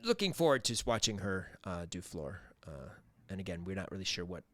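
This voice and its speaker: A man's voice: low voice, very animated, fairly quick. A man co-hosting a sports podcast in casual chat, rambling with many fillers and restarts. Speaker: podcast co-host.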